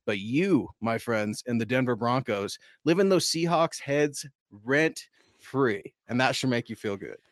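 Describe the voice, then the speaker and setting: A man's voice: medium pitch, expressive, unhurried, no room sound, clean studio sound. A man co-hosting a fan livestream, giving long opinionated takes on his team in a casual, chatty way. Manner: opinionated, talks at length, chatty. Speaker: co-host and sports writer.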